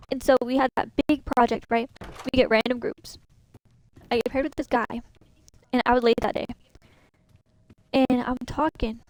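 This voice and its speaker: A young woman talks through a gaming stream, retelling a frustrating story in an animated, chatty way and quoting people as she goes. Her voice sits a little high for a woman. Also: poor audio. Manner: chatty, venting, animated retelling with quoted dialogue.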